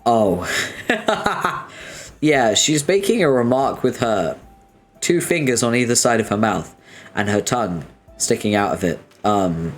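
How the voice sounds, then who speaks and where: A man's voice: medium pitch, big pitch swings, measured pace, soft background music. A man hosting a casual read-along, making jokey, profane asides between lines. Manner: jokey, swearing, laughing asides. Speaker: let's-read host. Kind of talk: casual reading commentary.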